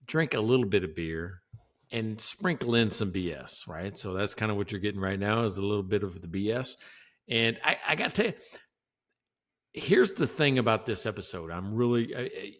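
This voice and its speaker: A man's voice: lowish voice, lively intonation, normal speed. A man co-hosting a casual business podcast, joking and laughing often as he talks. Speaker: podcast co-host.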